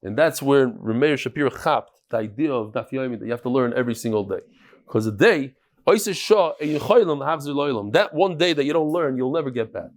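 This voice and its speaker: A man teaching a daily Talmud class in a casual, lively way, mixing English with Hebrew, Aramaic and Yiddish terms and telling stories with quoted voices. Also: medium pitch, fairly quick.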